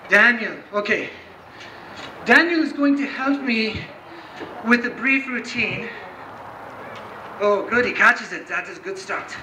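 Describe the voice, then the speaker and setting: A man telling a comic story live while juggling, animated and chatty with the audience. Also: high voice, unhurried, pauses often, noisy background. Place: live performance room. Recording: echoey room.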